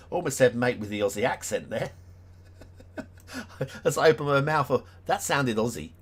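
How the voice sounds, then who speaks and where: A man's voice: mid-range voice, animated, a little slow, pauses often, breathy edge. A man chatting casually on a live stream as he reviews game maps, thinking aloud with plenty of ums and restarts and chuckling at himself. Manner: chuckles often, self-deprecating.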